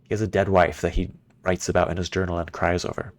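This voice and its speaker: Deep-voiced man chatting through a game stream. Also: flat delivery, fast. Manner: chatty and playful, answers chat, thinks aloud. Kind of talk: casual live-stream commentary.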